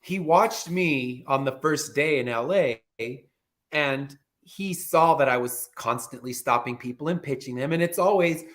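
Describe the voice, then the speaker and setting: A man's voice: fairly high pitch, a little slow, a bit bright. A man guest on a podcast, a comic creator, telling stories in a casual, matter-of-fact way with some swearing. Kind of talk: casual interview chat.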